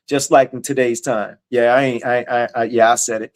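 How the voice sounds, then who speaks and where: A man leading an informal Bible study, blunt and emphatic, repeating his points in casual slang and reading scripture aloud slowly. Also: medium pitch, flat delivery. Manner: reads scripture slowly in a raised, declaiming voice.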